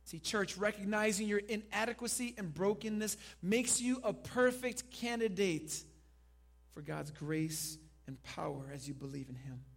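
A male pastor preaching a sermon, dropping to a hush and then rising loud, and leading the congregation in call and response. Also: high-pitched, unhurried, vocal fry. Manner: dynamic preaching, swinging from hushed to loud.

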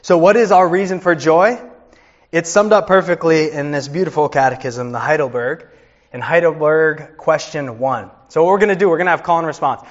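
A man's voice: a little high, muffled recording. A man in his thirties, a pastor preaching a sermon with earnest storytelling.

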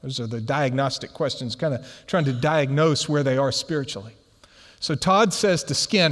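A man preaching a sermon and telling a funny story in an animated way. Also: medium pitch, normal speed. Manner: animated storyteller who laughs through his anecdotes. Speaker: pastor. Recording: long hall reverb.

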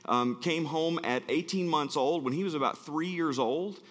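Joking preacher in a reverberant church. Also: male voice, on the high side, normal speed, fairly bright tone. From Alabama, USA. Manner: chatty, joking, self-deprecating storyteller. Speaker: guest preacher. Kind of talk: sermon. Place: church sanctuary.

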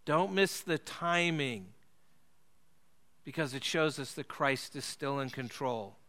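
A man preaching a sermon, earnest and emphatic, slowing and dropping his voice low to stress key phrases. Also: pushed and bright.

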